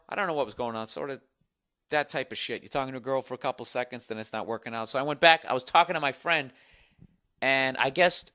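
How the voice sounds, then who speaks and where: A man's voice: mid-range voice, sharp tone. Profane, ranting male podcast host. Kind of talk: comedic storytelling monologue.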